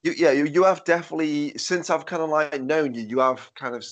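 A man's voice: a little high, steady tone, brisk. Stammering Stoke-accented male host. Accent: Stoke-on-Trent. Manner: stammering restarts, laughs often, jokey. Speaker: podcast host. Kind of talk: casual podcast chat.

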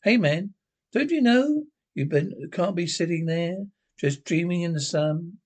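A man's voice: sits high, lively intonation, unhurried. A man reading a script aloud, voicing a pushy, slangy male hustler who urges someone along. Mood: urgent.

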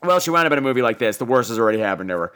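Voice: medium pitch, expressive, racing, a bit bright. Sarcastic ranting podcast host. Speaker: podcast host reviewing movies. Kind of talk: casual podcast movie review.

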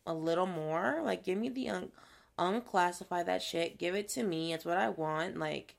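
A young woman with a Minnesotan accent chatting casually as a podcast co-host, animated and swearing freely. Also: on the low side, normal speed, vocal fry. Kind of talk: casual chat.

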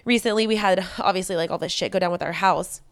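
A woman's voice: lowish voice, fast, dry recording. Woman, podcast co-host, casual chat, stubborn and laughing, dry recording. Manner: swearing, stubborn, laughing often.

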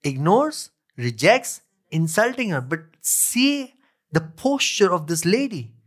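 A man's voice: high voice, very animated, slow pace. A male pastor preaching a sermon, reading scripture aloud, repeating key phrases and asking his listeners questions. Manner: asks the congregation questions.

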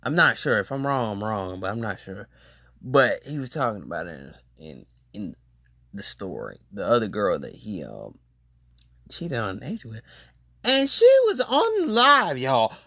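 Young adult host, rambling slangy storyteller, pitch jumps all over, dry close sound. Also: measured pace, dry recording. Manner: rambling and slangy, with animated exclaimed reactions. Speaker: podcast host. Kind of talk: casual storytelling monologue.

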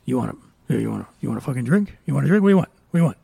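Give me a gruff, agitated writer with a low, gravelly voice, as a man imitates him. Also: big pitch swings, very fast, mellow, no room sound, full character voice.

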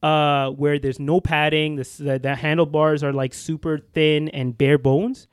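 A young man co-hosts a podcast, his fairly high voice clean and level, pace a little slow, in a dry, clean studio recording. He rambles through a story in casual chat, with many restarts and fillers.

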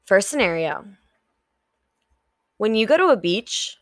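A woman's voice: medium pitch, very animated, measured pace, long pauses, no echo, studio quality. A young woman hosting a solo motivational podcast. She talks candidly, swears freely and acts out her own inner thoughts. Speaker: podcast host.

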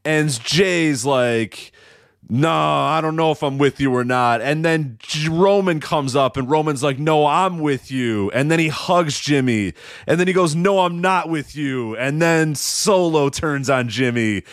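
Male podcast co-host, animated and mocking, fairly high voice with a dry sound. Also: measured pace, no room sound. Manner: animated, mocking, acts out quotes. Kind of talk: casual wrestling podcast chat.

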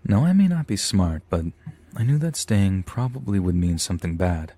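A man's voice: deep voice, very animated, moderate pace, dark tone, no room sound. A man, a podcast host, reading a scary story aloud with some dry asides.

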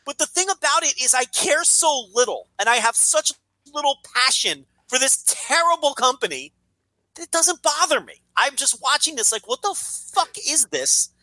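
A man on a podcast vents about wrestling, sarcastic and fed up. His voice is bright and forward. The recording is dry and close to the mic, with no room sound. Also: very high-pitched, expressive, moderate pace, no echo, poor audio. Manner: exasperated, sarcastic, profane. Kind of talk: casual ranting chat.

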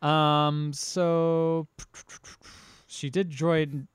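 A man's voice: on the high side, little pitch movement, drawn-out words, clean tone, no echo. A man with an American accent co-hosting a podcast, casually retelling a film and acting out the characters' lines. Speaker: podcast co-host. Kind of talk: casual chat, recapping a film.

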